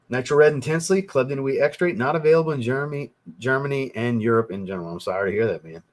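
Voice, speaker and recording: He's a young man hosting a relaxed fragrance-review livestream, talking fairly quickly in a mid-range voice broken up by long pauses. While reading viewer comments he rambles and swears as his agitation builds.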